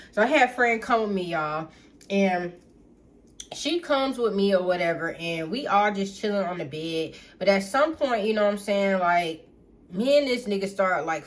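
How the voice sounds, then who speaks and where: Chatty woman telling a storytime. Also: mid-range voice. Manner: chatty, addresses viewers as y'all, blunt and profane; animated, reenacts others in quick asides. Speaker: storytime vlogger. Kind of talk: casual storytime to viewers.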